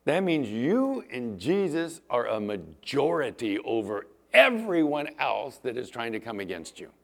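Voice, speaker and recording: Animated male pastor preaching. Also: mid-range voice, unhurried, vocal fry. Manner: animated, acts out Bible scenes in voices. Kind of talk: sermon.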